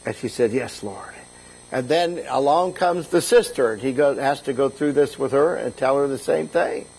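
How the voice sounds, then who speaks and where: Gravelly-voiced man preaching casually. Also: mid-range voice, moderate pace, darkish tone, poor audio. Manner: casual, folksy paraphrase of scripture, voices rise for quoted lines. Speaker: bishop preaching. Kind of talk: conversational sermon retelling scripture.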